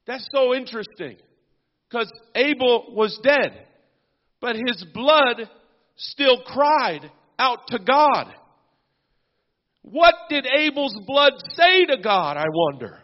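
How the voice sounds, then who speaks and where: A man's voice: very high-pitched, big pitch swings, slow pace. A man preaching a sermon as pastor, punctuating his points with amens and hallelujahs. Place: church sanctuary. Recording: dull lo-fi sound with long church reverb.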